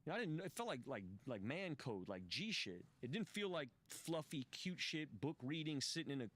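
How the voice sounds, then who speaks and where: A man's voice: fairly high pitch, very animated, moderate pace, a bit bright. A man speaking as a podcast guest, telling his recovery story candidly in a profane, emphatic way with frequent restarts. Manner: profane, emphatic, restless phrasing with repeated restarts.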